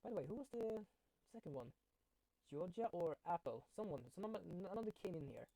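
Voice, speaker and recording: A male game streamer chatting casually and rambling a little as he thanks his viewers. His voice swings lively up and down, and the sound is dry and close. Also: high voice, a little fast, dry recording. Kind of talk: casual live-stream chat.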